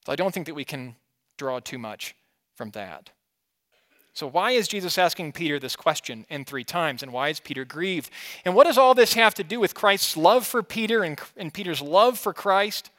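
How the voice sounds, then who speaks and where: A pastor preaching an expository sermon in a conversational way, asking his listeners questions and swinging between emphatic and quiet. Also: fairly high pitch, animated, normal speed.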